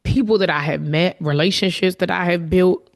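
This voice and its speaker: Her lowish, creaky voice moves at normal speed as she hosts her own podcast. Alone at the mic, she talks candidly and from the heart, reflective, with fillers and restarts.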